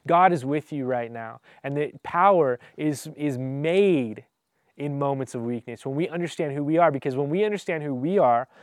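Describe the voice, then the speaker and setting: A man delivers a sermon in a relaxed, conversational way, talking straight to his congregation. His voice sits a little high and sounds dry and close, and he often breaks off to restart a phrase or toss in a quick rhetorical aside. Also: no room sound. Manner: earnest, informal, addresses listeners directly. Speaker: pastor.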